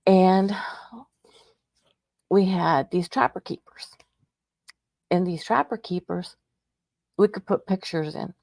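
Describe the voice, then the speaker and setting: Slow and creaky, pausing often, a middle-aged Texas radio host shares an emotional personal story, rambling and repeatedly restarting her sentences. She's from the United States, and her voice is on the low side and a little mellow. The recording is dry, clean studio sound.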